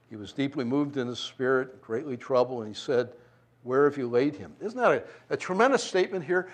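A man preaching a sermon, reading scripture and explaining it in an expressive, conversational way, moving between loud emphasis and hushed tenderness. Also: fairly high pitch. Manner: conversational asides with light chuckles.

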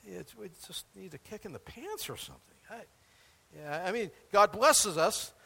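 A man delivers a sermon, his voice sitting high and swinging up and down with a lot of energy. He talks casually and often breaks into little acted-out voices for the people in his examples. His words ring out with the long reverb of a large hall. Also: moderate pace, vocal fry, slightly rough. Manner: animated, conversational, acts out quoted voices. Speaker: pastor.

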